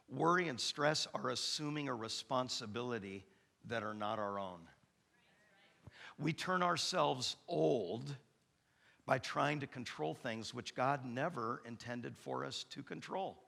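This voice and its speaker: A man in his fifties preaching a sermon as pastor, an animated storyteller who acts out the dialogue with big comic outbursts. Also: mid-range voice, unhurried, creaky. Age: 50s. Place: church sanctuary.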